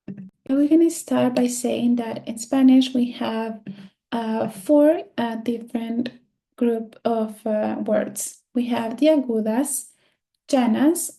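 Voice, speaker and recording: A woman teaching a screen-share lesson, speaking slowly and patiently and repeating words to drill the stress. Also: a little high, vocal fry, warm tone. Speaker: Spanish teacher.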